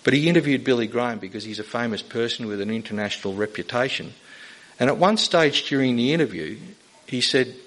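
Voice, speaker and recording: A man's voice: medium pitch, a little fast, fairly bright tone, rough recording. A man preaching a sermon, earnest, building to emphatic questions. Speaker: pastor.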